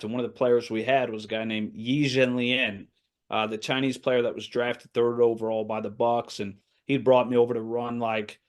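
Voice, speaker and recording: A man in his thirties, an assistant basketball coach, telling stories in a casual podcast interview with lively, acted-out quotes and frequent laughs. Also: mid-range voice. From United States. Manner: animated anecdote-telling, acting out quoted voices, laughs often.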